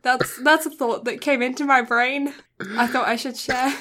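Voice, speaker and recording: A woman's voice: high voice, steady tone, normal speed, sharp tone. A woman co-hosting a podcast in casual chat, talkative, prone to tangents and teasing. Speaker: podcast co-host.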